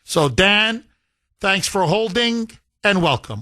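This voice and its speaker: A man's voice: fairly high pitch, animated, measured pace, a bit bright, no room sound. A man hosting a talk radio show, delivering a heated, scornful monologue with emphatic repetition into a studio microphone.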